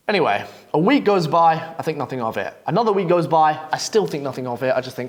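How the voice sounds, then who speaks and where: A man's voice: on the high side, animated, fast, few pauses. A brash young man coaching copywriters, telling stories in a blunt, swearing monologue. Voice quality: brash, swearing, storytelling delivery. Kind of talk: profane, blunt advice monologue.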